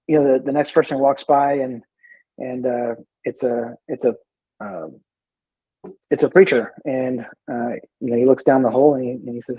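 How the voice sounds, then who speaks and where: A man with a husky, slightly breathy voice tells his story in an easygoing way, stopping often and going back over his words. His sound is dry and a bit muffled, like a lo-fi remote call. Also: mid-range voice, fairly even intonation, brisk, no echo. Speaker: guest, veteran in recovery. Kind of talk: casual interview talk.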